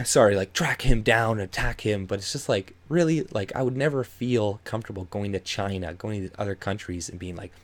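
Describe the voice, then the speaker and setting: A man's voice: on the low side, a little fast, fairly bright tone. A man ranting angrily and sarcastically with heavy swearing while reading out and reacting to a news article. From Canada. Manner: angry, profane, sarcastic ranting. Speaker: YouTube commentator.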